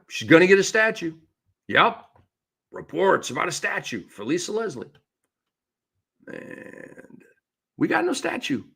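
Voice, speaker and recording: A middle-aged man hosting a sports show, ranting excitedly in animated solo commentary. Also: high-pitched, vocal fry. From lives in the Tampa Bay area. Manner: excitable, ranting, quick shifts in volume.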